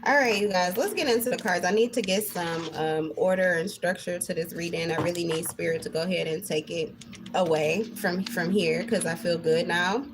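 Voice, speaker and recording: A woman's voice: on the low side, moderate pace, noisy background. A woman giving a spiritual card reading in a casual monologue, emphatic and heavily profane. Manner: emphatic and heavily profane, swinging between intense and laughing.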